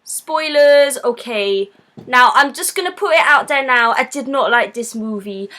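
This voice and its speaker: A woman's voice: high voice, expressive, unhurried, sharp tone. A woman hosting a live stream, giving a blunt, sarcastic, casual film review.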